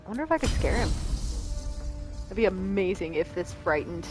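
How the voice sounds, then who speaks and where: A woman's voice: fairly low pitch, big pitch swings, a little fast, music in the background. A woman streaming a video game, chatting casually, laughing often and reading lines aloud. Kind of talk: casual gameplay commentary.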